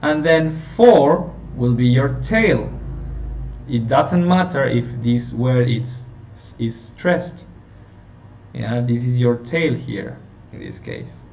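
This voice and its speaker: A man talks through a phonetics lesson at an unhurried pace, pausing to check in with his students. He sounds far from the mic in an echoey room. The sound is dull and lo-fi, with a faint hiss behind him. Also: medium pitch, animated, vocal fry, darkish tone. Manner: slow, explanatory, checking in with "okay?". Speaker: teacher.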